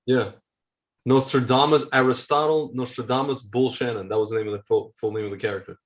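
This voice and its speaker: A man's voice: mid-range voice, fairly even intonation, brisk. A man co-hosting a podcast in casual chat, rambling with lots of slang. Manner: rambling, full of slang and restarts. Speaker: podcast co-host.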